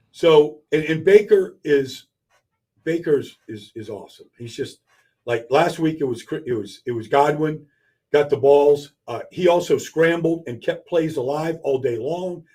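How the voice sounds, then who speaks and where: Husky-voiced man talking football fast. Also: on the high side, lively intonation, mellow. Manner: rapid, emphatic, repeats words when building a point. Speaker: regular guest analyst. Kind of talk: casual sports talk.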